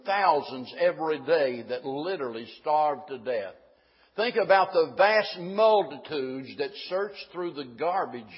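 A man with a high, slightly husky voice delivers a sermon, talking with his congregation in a folksy way. He turns emphatic on key points. The sound is dull, with a long echo. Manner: folksy, rising to emphatic preaching. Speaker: pastor.

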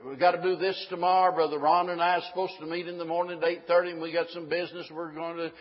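A man's voice: on the high side, little pitch movement, fast talker, in a large hall, lo-fi sound. A man preaching a sermon to his congregation in a folksy manner that rises into emphatic preaching. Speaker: pastor.

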